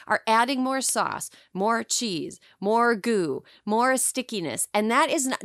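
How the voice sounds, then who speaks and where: Brisk, opinionated podcast host woman. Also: medium pitch, fairly bright tone, clear, resonant tone, no room sound, studio quality. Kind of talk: casual chat.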